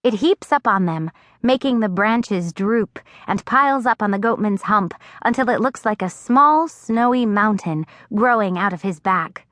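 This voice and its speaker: A woman narrating a first-person audiobook in an expressive storytelling voice, recorded on a close studio mic. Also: medium pitch, a little slow, no room sound. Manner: expressive, acting out dialogue.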